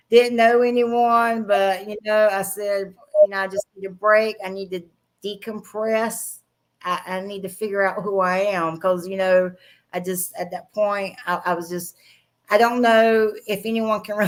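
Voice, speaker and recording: A middle-aged woman with a Southern accent, a guest telling frank stories in a casual chat, laughing often as she talks. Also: mid-range voice. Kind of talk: casual storytelling interview.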